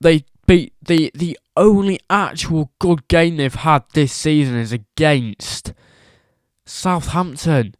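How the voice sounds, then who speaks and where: A man's voice: on the high side, slow, no room sound, clean studio sound. A man giving a casual football opinion rant as a vlogger, emphatic and repetitive, firing off rhetorical questions.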